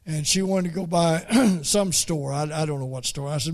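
A man preaching a folksy story, halting and repeating words as he goes. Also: a little high, darkish tone. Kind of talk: storytelling sermon.

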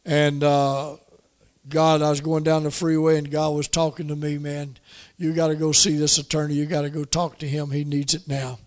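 High-voiced folksy preacher man. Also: monotone, normal speed. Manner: folksy storytelling, emphatic repetition. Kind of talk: sermon with personal story.

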